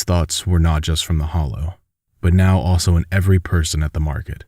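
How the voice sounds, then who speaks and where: Deep-voiced man narrating an audiobook. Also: steady tone, fairly quick, warm tone, no room sound, clean studio sound.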